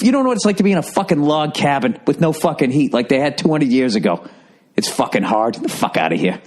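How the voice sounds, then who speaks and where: A man with a somewhat high voice rants through a comedic podcast monologue, swearing constantly as he tells his story. He records from a quiet room at home. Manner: profane, ranting storytelling.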